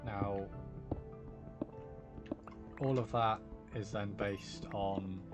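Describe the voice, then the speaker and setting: British man, livestreamer, rambling casual chat, deeper voice, music behind. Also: steady tone, very slow. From United Kingdom. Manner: rambling, reassuring, greets chatters by name. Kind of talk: casual live-stream chat with viewers.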